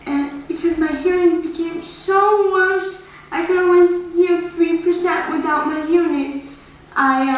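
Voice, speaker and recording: High-voiced woman telling her own story, halting a bit, really echoey room, far from the camera. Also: slight background noise. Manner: earnest, halting, corrects herself mid-sentence. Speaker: guest speaker at a school awareness day. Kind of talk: personal testimony presentation. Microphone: camera far from the speaker.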